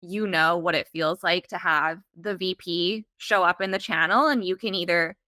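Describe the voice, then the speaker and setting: A woman's voice: lowish voice, moderate pace, sharp tone, dry recording, studio quality. A woman hosting an interview, chatting in an easy conversational way and laughing easily. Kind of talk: casual interview chat.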